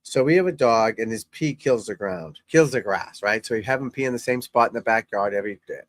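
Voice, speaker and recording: A middle-aged golf instructor and channel host with a mid-range voice watches golf on TV and chats briskly, casually, and bluntly, rambling and swearing freely. The recording is dry.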